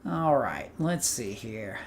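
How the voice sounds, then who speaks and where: A man's voice: medium pitch, big pitch swings, slow, faint music behind. A man streaming a video game, commenting casually in a chatty, wry way and exclaiming at the action. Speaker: gaming streamer. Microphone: headset earpiece.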